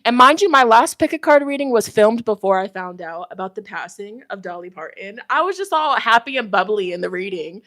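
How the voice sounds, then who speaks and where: A woman's voice: medium pitch, animated, fairly quick, hardly any pauses, fairly bright tone, no echo, clean studio sound. A young woman hosting a tarot live stream, chatting casually and animatedly with her viewers and laughing often.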